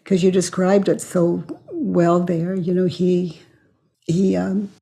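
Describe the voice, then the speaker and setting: Older woman facilitator, unhurried and gently probing, a bit low and husky. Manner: slow, calm and questioning, acts out quoted lines. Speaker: facilitator of self-inquiry sessions. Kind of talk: guiding a client through inquiry.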